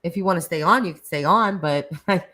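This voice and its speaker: A woman's voice: on the low side, brisk, pushed and bright, low-quality recording. A middle-aged woman, hosting a casual live chat with callers, chatty, laughing often and restarting her sentences. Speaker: live stream host.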